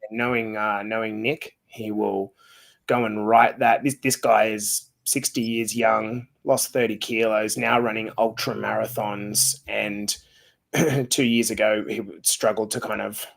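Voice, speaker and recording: A man's voice: on the low side, level tone, unhurried, gravelly, a bit bright. A man hosting a casual podcast chat, blunt and swearing freely. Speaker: podcast host.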